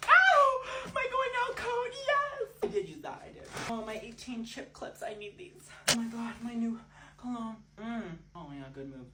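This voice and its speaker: A man's voice: very high-pitched, very animated, moderate pace. A man in a casual vlog unpacking his things, gushing and giddy, talking to himself. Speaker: vlogger. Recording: echoey room, far from mic, loud noise.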